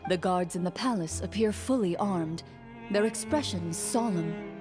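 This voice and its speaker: A woman voicing a composed female game master who narrates a court scene in a game, in a measured, formal way. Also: mid-range voice, darkish tone, soft background music, lightly acted. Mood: narrating. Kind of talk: scripted narration.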